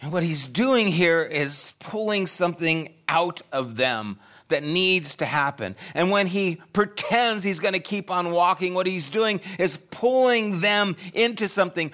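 A man's voice: sits high, animated, measured pace, fairly bright tone. Earnest middle-aged male pastor preaching. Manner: earnest, conversational preaching with repeated phrases. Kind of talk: sermon.

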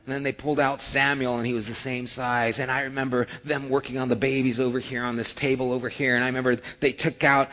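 Bright-voiced male pastor telling stories. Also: medium pitch, fast talker, few pauses. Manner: storytelling, acts out dialogue with rising excitement. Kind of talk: sermon.

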